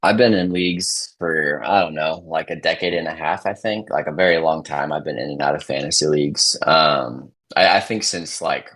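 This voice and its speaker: A man in his thirties, a podcast guest, talking casually in a subdued, near-monotone way. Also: rumbling low, moderate pace, hardly any pauses. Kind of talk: casual chat.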